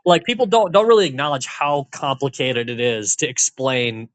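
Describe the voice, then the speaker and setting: A man's voice: medium pitch, normal speed, dry recording. A man co-hosting a podcast, chatting casually about a film, rambling with many fillers and restarts. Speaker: podcast co-host.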